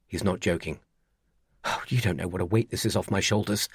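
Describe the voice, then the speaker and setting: A man reading a first-person thriller audiobook in an even, measured way. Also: deep voice, slightly rough, dry recording, studio quality. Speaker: audiobook narrator.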